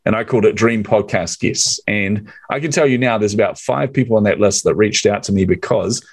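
Animated male podcast host, low dry voice. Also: brisk, husky, no room sound. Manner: animated storyteller acting out quotes, laughs often. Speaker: podcast host telling a guest story. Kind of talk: casual storytelling chat.

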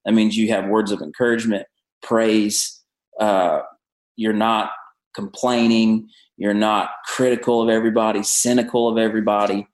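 A pastor with a Southern American accent and a fairly low voice talks through his ideas with an earnest, preaching cadence. He sounds like he is in a room with a noticeable echo around him. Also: flat delivery, normal speed. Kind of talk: podcast interview. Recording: roomy echo.

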